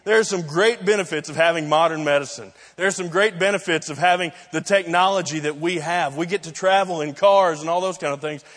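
A man's voice: a little high, a little fast, few pauses, fairly bright tone, long reverb tail. A man preaching a sermon, telling stories and acting out the voices in quotes. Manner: storytelling, acts out voices in quotes. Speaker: pastor.

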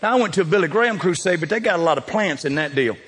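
A man preaching in a church, his fairly high voice carried by the long reverb of a large hall. He is folksy and dramatic, speaking straight to the people in the pews as he preaches. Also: lively intonation, rapid-fire, fairly bright tone, breathy edge. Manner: folksy and dramatic, addresses the congregation directly. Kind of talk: sermon. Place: church sanctuary.

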